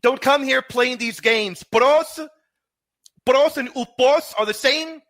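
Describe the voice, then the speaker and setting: A man's voice: very high-pitched, slow, a bit bright. A man in a played clip, scoffing and incredulous, repeating his challenges in a heated debate. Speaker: show host in a played clip.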